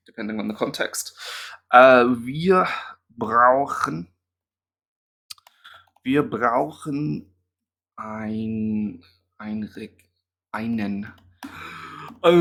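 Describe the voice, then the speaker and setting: A man's voice: mid-range voice, creaky, a bit bright. A man, a German teacher, chatting casually and mocking himself as he works through language app exercises aloud. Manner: chatty and self-mocking, muttering answers aloud.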